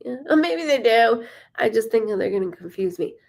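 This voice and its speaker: A woman's voice: a little high, expressive, fairly quick, creaky, darkish tone, slight background noise. A woman hosting a live stream as a psychic medium, chatting casually, greeting viewers by name and swearing freely.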